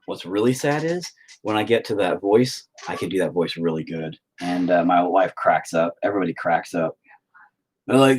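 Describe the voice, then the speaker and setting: This man's voice sits low, with a breathy edge and an ordinary pace. He's a painting vlogger who rambles through casual talk as he works, cursing freely and poking fun at himself.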